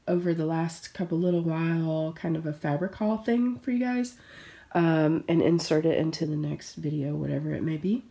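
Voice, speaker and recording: A woman vlogging about sewing in a casual, chatty way, her voice hoarse as she gets over a cold. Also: lowish voice, dark tone. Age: adult with children. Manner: chatty, with frequent fillers and restarts. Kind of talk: casual chat to camera.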